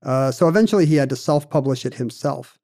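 A man's voice: mid-range voice, fast, mellow. A man hosting a casual chat, explaining a story in a wry, conversational way with dry asides.

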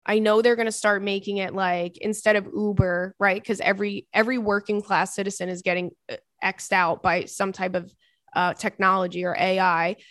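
A woman's voice: medium pitch, little pitch movement, normal speed, a bit bright, no room sound, studio quality. A woman in her thirties hosting a podcast, chatting casually and reading listener emails, with rambling asides and plenty of swearing. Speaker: podcast host.

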